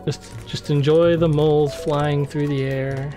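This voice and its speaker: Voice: medium pitch, flat delivery, measured pace, mellow, soft background music. A speedrun streamer giving playful, joking commentary while racing a friend.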